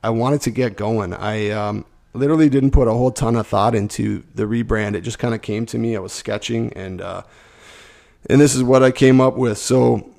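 A middle-aged man hosting a podcast, hoarse from a cold and sounding rough as he rambles casually. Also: medium pitch, darkish tone. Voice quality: rough, gravelly. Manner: rambling, stream of consciousness. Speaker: podcast host. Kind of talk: casual solo podcast chat.

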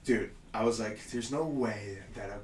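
A man's voice: on the low side, normal speed, distant mic. A man in casual chat, telling a story with lots of swearing and laughter. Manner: animated storyteller, swears often, laughs a lot. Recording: roomy echo, somewhat off-mic, faint room noise.

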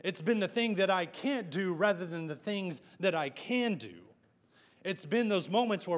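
A middle-aged pastor preaches a sermon. He tells personal stories and slips in self-deprecating asides. His voice sits a little above the usual male pitch. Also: expressive, moderate pace.

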